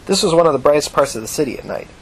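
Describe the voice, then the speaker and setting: Narratore di audiolibro, uomo, voce un po' roca, lettura misurata e costante. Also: male voice, on the high side, lively intonation, racing, breathy edge.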